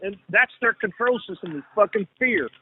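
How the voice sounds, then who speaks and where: A man's voice: sits high, lively intonation, normal speed, slightly rough. A man in casual conversation, talking in a rambling, profane way and repeating himself. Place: lives in Texas. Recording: tinny phone-like line, faint hiss.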